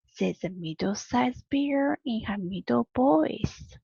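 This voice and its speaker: A woman teacher reading a storybook aloud to her students slowly and deliberately, with long pauses. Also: on the high side, animated, gravelly, dark tone, breathy edge, no echo, highs cut off.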